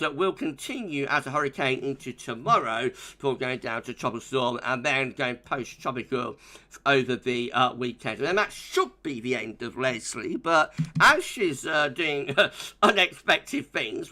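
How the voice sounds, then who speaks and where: A man's voice: mid-range voice, pushed and bright. A young man giving a chatty live-streamed weather forecast, reading out viewer comments with a jokey manner.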